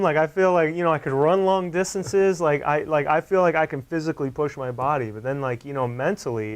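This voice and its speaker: A young man co-hosting a podcast in loose, casual conversation. He talks with animated emphasis and leans on "like" and "dude" as he makes his points. His pitch sits mid-range for a man. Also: clean tone. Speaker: podcast co-host.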